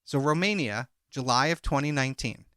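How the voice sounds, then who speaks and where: A man co-hosting a podcast, retelling a crime case and reading call transcripts aloud in a measured way. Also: mid-range voice, bright, forceful tone, no room sound, clean studio sound. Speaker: podcast co-host. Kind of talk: casual true-crime podcast chat.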